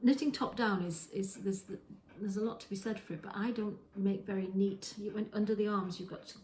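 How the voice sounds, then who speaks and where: A woman with a steady, slightly mellow, mid-range voice talks a little fast as she hosts a knitting podcast from her kitchen. Her casual show-and-tell rambles, with many restarts and self-corrections. The sound is roomy and low-quality.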